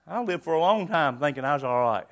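Older guy preaching, pretty high voice for a man, says things over and over with a lot of push. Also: lively intonation, fast talker. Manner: emphatic, repetitive, swings between loud and hushed. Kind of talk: sermon.

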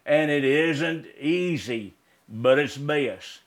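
Slow, high-voiced male preacher. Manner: slow, emphatic preaching with repeated exhortations. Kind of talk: sermon with recited poem and prayer.

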